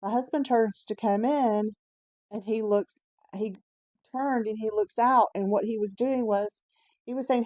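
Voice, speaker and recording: A woman vlogger telling a personal story in a candid, casual way, pausing on fillers and correcting herself as she goes. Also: a little high, fairly even intonation, a little mellow, no room sound. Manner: chatty, candid, with frequent "um" and self-corrections.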